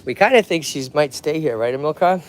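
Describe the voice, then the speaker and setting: A man's voice: on the high side, animated, brisk, a little hiss or hum. A man with a Massachusetts accent hosting a livestream outdoors at a tortoise pond. He talks energetically and chattily, and keeps checking in with "okay?" and "right?". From Lowell, Massachusetts. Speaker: tortoise rescue host. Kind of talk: livestream chat.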